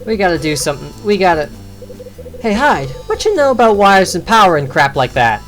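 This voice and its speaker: A woman putting on the voice of an excitable, slangy young man working at a hotel in a game. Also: fairly low pitch, fairly quick, faint music behind. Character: excitable young male bellhop, slangy and jumpy.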